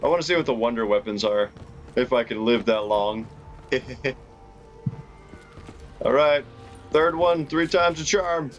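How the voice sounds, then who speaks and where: A man casually commenting on his own video game play, excitable and chatty, laughing often. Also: mid-range voice, unhurried, pauses often, dull audio, faint music behind. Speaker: gaming YouTuber.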